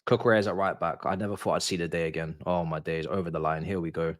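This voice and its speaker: A man's voice: deep voice, steady tone, very fast, no room sound. A young man reacting live to a football match, exasperated and swearing. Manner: exasperated, swearing, muttering to himself. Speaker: football watch-along host.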